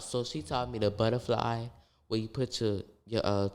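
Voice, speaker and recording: A young man from New Orleans with a local accent, telling stories loudly in a casual interview and jumping up in pitch when excited. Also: normal speed, clear, resonant tone. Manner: loud animated storytelling, voice leaps up when excited. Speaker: guest dancer.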